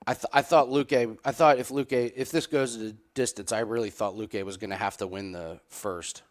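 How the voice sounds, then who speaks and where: A man's voice: lowish voice, fairly quick. A man hosting a live fight betting stream, analysing the bout with frequent stammered restarts. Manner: stammering restarts, bursts of excited laughter.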